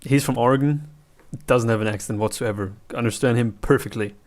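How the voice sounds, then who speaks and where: A man's voice: mid-range voice, fairly quick. German guy hosting a reaction video, easygoing, talks in restarts. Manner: chatty, thinking aloud with restarts. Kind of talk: casual reaction commentary.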